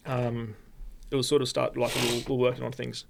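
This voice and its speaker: Aussie guy, really gravelly crackly voice, rambles on, keeps restarting, podcast guest. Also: mid-range voice, flat delivery. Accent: Australian. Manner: rambling, halting, many restarts. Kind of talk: casual storytelling.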